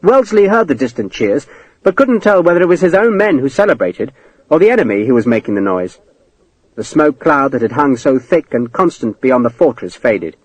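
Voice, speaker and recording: A man narrates an audiobook with a dramatic, expressive delivery. His pitch moves around a lot through the sentences. The recording is close and dry, with no room echo. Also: fairly quick. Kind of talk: scripted narration.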